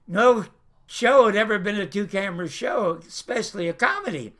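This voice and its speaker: An older man hosting his own show, telling a showbiz anecdote in an animated way and acting out the voices. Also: high voice, normal speed. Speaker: show host. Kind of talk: anecdotal storytelling.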